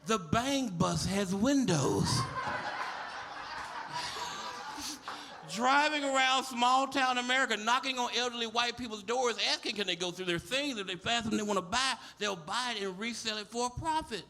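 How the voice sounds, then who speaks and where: A man's voice: very high voice, a little fast, few pauses, sharp tone, a little hiss or hum. A man doing a stand-up comedy set on a club stage, brash, profane and full of stories. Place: comedy club stage before a live audience.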